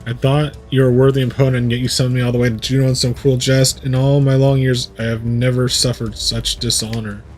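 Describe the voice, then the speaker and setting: A man voicing a proud, vengeful male martial-arts rival from a video game, reading his lines slowly and solemnly. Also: mid-range voice, flat delivery, a little mellow, soft background music, natural voice.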